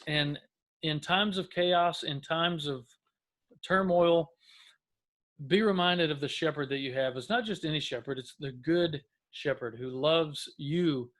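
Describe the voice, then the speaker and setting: A man, a pastor, giving an earnest mid-week devotional talk to camera, with frequent restarts. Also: a little high. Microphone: camera close up.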